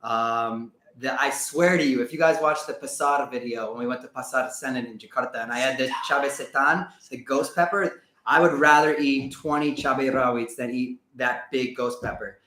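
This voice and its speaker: Young American man, travel vlogger, bright voice, in a roomy echo. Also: mid-range voice, normal speed, hardly any pauses. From United States. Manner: chatty, lots of yeah-yeah fillers. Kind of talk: casual livestream Q&A chat. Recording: echoey room.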